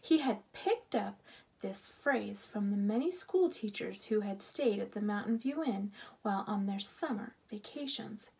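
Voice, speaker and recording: A woman reading a children's storybook aloud in an expressive, animated storytelling manner. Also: medium pitch, a little slow, creaky, slightly rough. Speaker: storybook reader.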